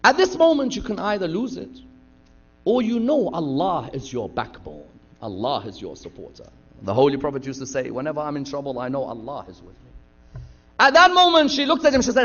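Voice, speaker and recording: Speaking briskly and with great animation, this man's fairly bright voice sits on the high side. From the pulpit of a lecture hall, he delivers sermon stories with dramatic flair, performing each character's lines. Sound quality is dull and lo-fi.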